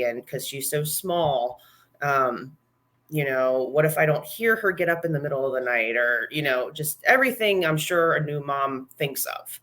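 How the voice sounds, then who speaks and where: A young woman talking candidly as a podcast guest about new motherhood, chatty and quick to laugh. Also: deep voice, fairly bright tone. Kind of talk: casual podcast chat.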